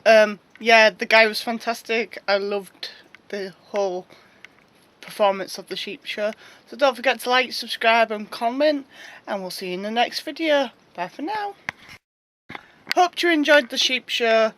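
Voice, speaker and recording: A woman's voice: on the high side, normal speed, a bit bright. A woman vlogger giving a casual, upbeat sign-off to her viewers.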